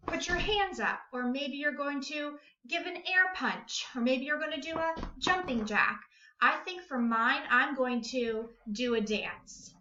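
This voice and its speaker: A woman teaching a recorded second-grade lesson in an upbeat, clearly enunciated voice. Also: a little high, bright, forceful tone. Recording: echoey room, slightly dull sound.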